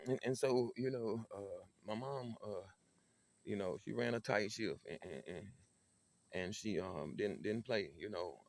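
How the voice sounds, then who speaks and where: A man's voice: fairly low pitch, gravelly, darkish tone. A man telling comic family stories, with stammering repetitions and laughing asides. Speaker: storyteller host. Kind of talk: comic personal storytelling.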